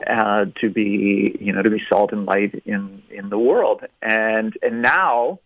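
A man's voice: lowish voice, takes it slowly, a crowd in the background. A man, a priest, speaking as a guest on a radio talk show, thoughtful and searching for words. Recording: dull dry radio sound.

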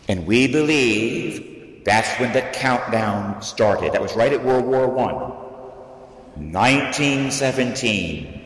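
A man preaching as a priest, slow and dramatic, his voice swinging up and down in pitch. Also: animated, a bit bright. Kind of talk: sermon. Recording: echoey hall, voice from the mic at a distance.

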